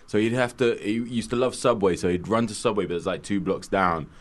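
Low-voiced man, animated storyteller. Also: a little fast. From London. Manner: lively storyteller, laughs often, voices bursts of excitement. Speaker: radio co-host. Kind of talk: casual radio banter. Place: radio studio.

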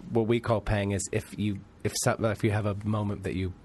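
A middle-aged American man with an American accent, an actor joking around in a relaxed, playful way during a radio interview. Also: lowish voice, fairly quick, slight background noise. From United States. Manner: joking, laid-back, playful. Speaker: guest actor. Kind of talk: casual interview chat.

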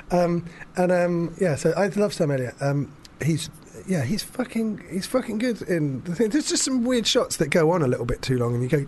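A man hosting a casual chat, rambling and animated, swearing freely as he talks. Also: on the high side, moderate pace, few pauses, a little hiss or hum. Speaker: podcast host.

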